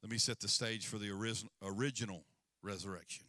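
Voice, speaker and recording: A male senior pastor preaching a sermon, telling the story with swings from hushed asides to loud, urgent lines and calls for amens. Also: on the low side, steady tone, fairly quick, dry recording, studio quality.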